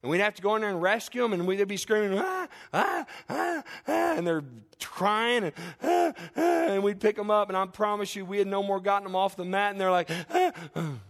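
A middle-aged male pastor preaching a sermon, telling lively family stories and then easing into a soft, hushed close. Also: high-pitched, fast, few pauses. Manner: animated storytelling that drops to a soft, hushed close.

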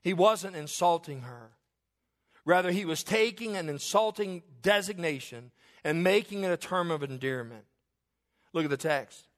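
A man's voice: sits high, expressive, moderate pace. A middle-aged man preaching a sermon, who jokes about himself and acts out the voices of the people he quotes.

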